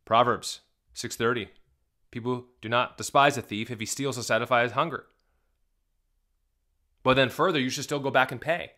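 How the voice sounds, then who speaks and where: A man's voice: mid-range voice, moderate pace, long pauses, bright, forceful tone. A male pastor giving video reaction commentary, emphatic and indignant, firing rhetorical questions at his viewers. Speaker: Southern Baptist pastor.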